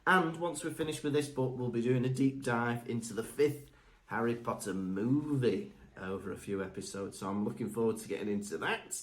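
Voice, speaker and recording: A man's voice: mid-range voice, moderate pace. A man co-hosting a podcast, chatting cheerfully, throwing in teasing suggestions, and reading the show's outro. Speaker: podcast co-host. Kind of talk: casual chat and show outro.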